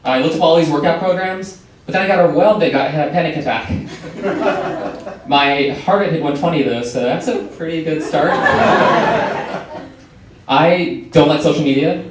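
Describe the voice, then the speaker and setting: Young male comic with deadpan one-liners. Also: fairly high pitch, normal speed, pauses often. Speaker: stand-up comedian. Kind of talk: stand-up set. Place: comedy club stage. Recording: echoey club, mic from far, noisy.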